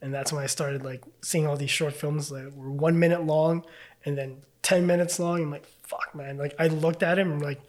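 Man, podcast guest, slightly high voice, casual storytelling, loose, chatty, swears a lot. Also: steady tone, normal speed.

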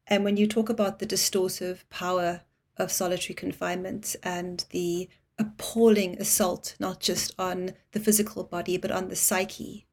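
A woman hosting an interview, speaking in a measured, thoughtful way and building long reflective questions for her guest. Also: lowish voice, flat delivery. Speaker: podcast host interviewing a guest.

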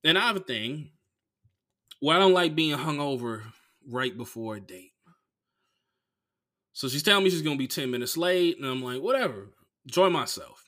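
A man's voice: mid-range voice, lively intonation, moderate pace, long pauses, sharp tone. A man from Oakland, a comedian hosting a podcast, telling a long, rambling story full of swearing and acted-out dialogue. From Oakland, California. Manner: rambling, swears a lot, acts out other people.

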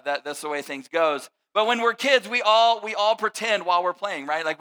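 A man's voice: high voice, bright, forceful tone, low-quality recording. A middle-aged father giving a talk on family life, telling stories in a casual way with lots of fillers and restarts. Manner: conversational storytelling with frequent fillers and restarts. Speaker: speaker.

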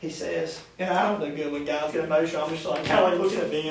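A man's voice: a little high, fairly even intonation, fast, creaky, few pauses, over a noisy crowd. A man teaching a youth Bible study in a casual, conversational way, often asking the class questions. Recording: echoey room, distant mic, faint noise.

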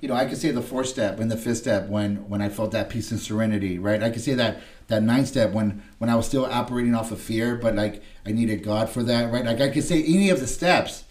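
Emotional low-voiced man telling his story. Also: fairly quick, few pauses, darkish tone. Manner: emotional, tag questions "right?" between phrases; restarts and repeats words. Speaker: podcast guest. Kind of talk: candid recovery storytelling.

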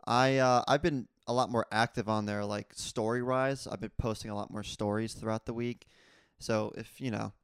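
A young man hosting his own solo podcast, talking casually and rambling with fillers, growing animated when retelling a story. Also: mid-range voice, gravelly, smooth, no room sound, clean studio sound. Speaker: podcast host.

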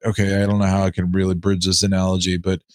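A man co-hosting a casual podcast, making deadpan joke asides and losing his train of thought. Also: sits low, quick pace, no echo. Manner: joking, deadpan asides, loses his thread. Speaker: podcast co-host.

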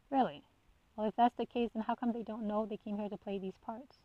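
Woman, fairly high voice, blunt rant, swearing, rhetorical questions, dry muffled recording. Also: fairly even intonation, quick pace, dry recording. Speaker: podcast host. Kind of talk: casual solo monologue.

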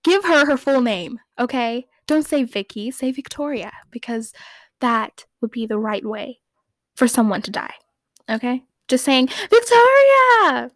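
A woman's voice: a little high, a little slow, no room sound. A woman with a slightly raised voice hosts a casual fan recap podcast, rambling along in a giggly, playfully opinionated way. Her voice sits close and dry on the mic. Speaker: podcast host.

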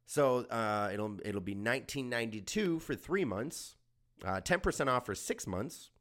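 A man's voice: medium pitch, animated, normal speed, fairly bright tone. A young adult man from Germany hosting a comedy podcast, riffing crudely and sarcastically. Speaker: podcast host.

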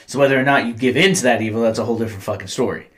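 A man's voice: mid-range voice, rapid-fire. A young adult man, a podcast host telling blunt, profanity-laced stories in casual chat.

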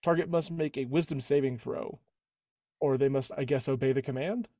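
A man's voice: mid-range voice, moderate pace, mellow, no room sound, clean studio sound. A man playing a tabletop game, rambling and correcting himself as he thinks aloud. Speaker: player. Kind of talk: casual tabletop game chat.

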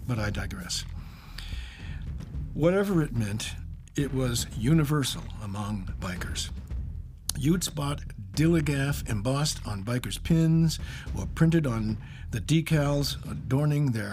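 A man's voice: medium pitch, a little mellow, slight background noise. Wry, self-mocking male storyteller. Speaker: English teacher. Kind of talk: personal story narration.

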